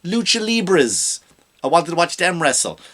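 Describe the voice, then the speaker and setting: Guy ranting on his comedy podcast, rambling and animated, pokes fun at himself. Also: fairly high pitch, normal speed. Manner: rambling, animated, self-mocking.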